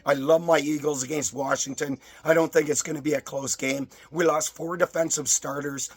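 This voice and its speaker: A hoarse man with a strained voice, rattling off sports betting stats and picks in a casual, list-like way. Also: a little high, steady tone, moderate pace, dry recording.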